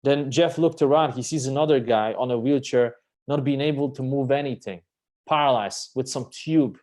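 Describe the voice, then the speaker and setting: A man's voice: mid-range voice, moderate pace. Emphatic, swearing male storyteller. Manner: animated, emphatic storyteller who swears casually. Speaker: guest. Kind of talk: live-stream conversation, storytelling.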